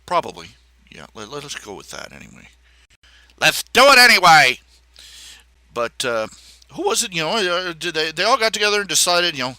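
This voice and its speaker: A man hosts a casual livestream while he draws, thinking out loud in a halting, rambling way. His tone is opinionated and sardonic, his pitch moves a lot, and the voice sounds very bright. The recording is close and dry. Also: very animated, dry recording. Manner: rambling, halting, many fillers and restarts. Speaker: livestream host.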